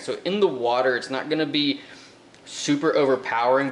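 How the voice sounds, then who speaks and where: A man chatting casually as he unboxes fishing gear, relaxed and rambling, with lots of fillers and repeated words. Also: medium pitch, a little hiss or hum. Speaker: fishing vlogger. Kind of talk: casual tackle unboxing talk.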